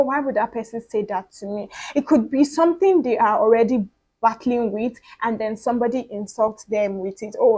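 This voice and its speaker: A woman's voice: on the high side, darkish tone, rough recording. A young woman hosting her own podcast, talking casually and earnestly to her audience, with frequent fillers and repeated words. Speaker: podcast host. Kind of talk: casual solo monologue.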